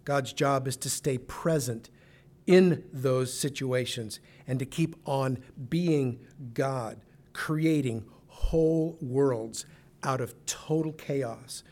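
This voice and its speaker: A man's voice: mid-range voice, slow, a little mellow. A man preaching a sermon as a pastor, earnest and emphatic, now and then restarting a phrase.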